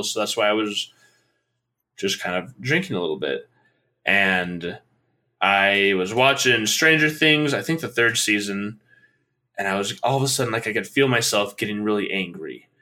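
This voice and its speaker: A young man telling a listener a personal story in a halting way, with many restarts and fillers. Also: fairly low pitch, sharp tone. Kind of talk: personal account in a conversation.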